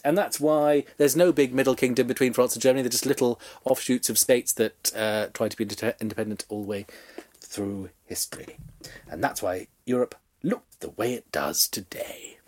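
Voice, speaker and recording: A man's voice: medium pitch, moderate pace, a little mellow. A man co-hosting a comedy podcast, telling a history tale with fillers and playful asides. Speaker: podcast co-host telling a story. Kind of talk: comedic history storytelling chat.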